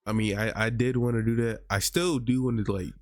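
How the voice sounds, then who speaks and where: A man's voice: mid-range voice, fairly even intonation, fairly quick, dry recording, studio quality. A man from Georgia, hosting a casual chat podcast and rambling with plenty of fillers. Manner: rambling, many "like" and "I mean" fillers. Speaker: podcast host. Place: virtual reality chat room.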